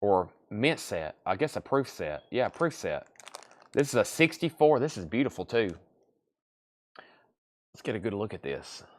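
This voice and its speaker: A man's voice: lowish voice, sing-song, measured pace, pauses often, a little hiss or hum. A man hosting a live online sale, chatting in a folksy, easygoing salesman patter and sounding tired. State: sleepy, yawning. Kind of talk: live auction selling.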